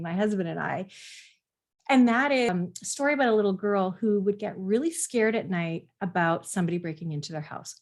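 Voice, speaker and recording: Middle-aged woman, parenting coach, earnest, explanatory, conversational, mid-pitched voice. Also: darkish tone. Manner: earnest, explanatory, acts out quoted parents and kids. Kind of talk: conversational teaching monologue.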